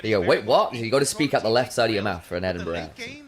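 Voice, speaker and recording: A man co-hosting a casual esports stream, animated and jokey, quick to laugh. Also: on the low side. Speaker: co-streaming host. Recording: crowd noise from the broadcast behind.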